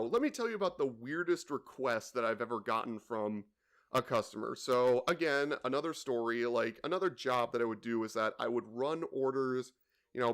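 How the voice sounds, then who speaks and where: A young man co-hosting a podcast, telling a work story in a rambling way, full of "you know" and "like". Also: mid-range voice. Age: young adult. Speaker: podcast co-host. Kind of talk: casual chat, telling work stories.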